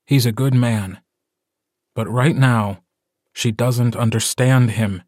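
A man narrating a story in a measured, even way in an audiobook. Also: medium pitch, no room sound, clean studio sound. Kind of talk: scripted narration.

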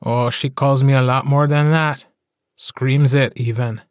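A man's voice: medium pitch, steady tone, unhurried, no echo, clean studio sound, close to an everyday voice. A man voicing a cocky, joking young man in an audiobook, brash and teasing.

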